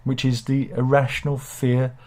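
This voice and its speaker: A man's voice: mid-range voice, monotone, moderate pace, darkish tone. Rambling British man hosting chat. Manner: rambling, self-deprecating, with frequent restarts and asides. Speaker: host. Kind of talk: casual satirical news chat.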